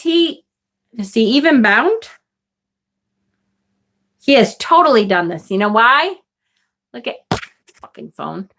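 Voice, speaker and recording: A woman's voice: on the high side, fairly bright tone. A woman hosting a live tarot stream, chatting enthusiastically and reading viewer comments aloud. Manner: enthusiastic, chatty, swears casually. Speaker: tarot livestream host. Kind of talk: casual live-stream chat.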